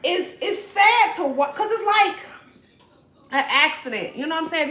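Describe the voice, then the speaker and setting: A young woman chatting casually while cooking at home, profane and laughing often, her voice swinging between loud and soft. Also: very high-pitched, lively intonation, moderate pace. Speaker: vlogger. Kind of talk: casual cooking vlog chat. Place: home kitchen. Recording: echoey room, faint noise.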